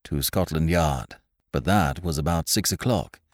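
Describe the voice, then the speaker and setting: A man voicing an earnest, somewhat flustered gentleman detective in an audiobook, polite and anxious. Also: extremely low pitch, unhurried, no room sound, studio quality. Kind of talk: audiobook character voice.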